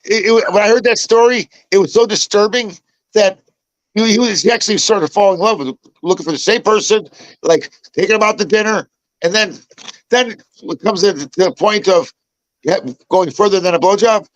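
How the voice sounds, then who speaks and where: A man's voice: sits high, a little fast, no room sound, highs cut off. Older man, rambling storyteller, dry sound. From Chicago. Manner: rambling storyteller, many restarts and repeats. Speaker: podcast host. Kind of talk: casual chat.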